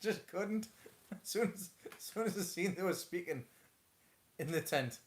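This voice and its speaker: A man's voice: high-pitched, animated, normal speed, slight background noise. A man hosting a casual live chat from home, rambling with many stammered restarts. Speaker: host of a live stream.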